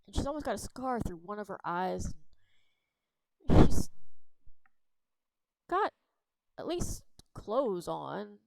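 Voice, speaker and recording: A woman narrating a fantasy role-play story in an unhurried, rambling way with fillers. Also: medium pitch, very animated, creaky, darkish tone, no echo, rough recording.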